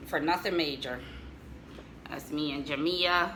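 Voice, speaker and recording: A woman's voice: deep voice, steady tone, measured pace, background noise. A middle-aged American woman chatting casually to viewers as she shows family photos, joking and laughing as she goes. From United States. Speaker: vlogger showing family photos.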